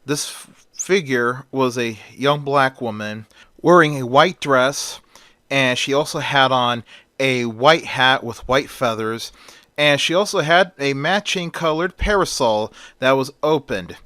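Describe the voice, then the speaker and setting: Bright-voiced man retelling a story. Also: medium pitch, measured pace, no room sound, studio quality. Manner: plain narration with small slips.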